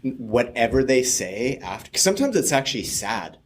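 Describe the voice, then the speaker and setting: A man's voice: mid-range voice, big pitch swings, normal speed, husky. A man co-hosting a podcast, telling a rambling story with frequent laughs and trailing off. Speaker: podcast co-host. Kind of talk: casual chat, storytelling.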